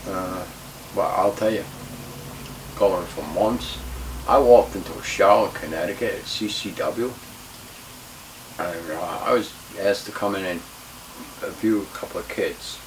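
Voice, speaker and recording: Low-voiced man, heated, profane storytelling. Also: a little slow, pauses often. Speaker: retired pro wrestler. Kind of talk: shoot interview storytelling. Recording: distant mic with faint hiss.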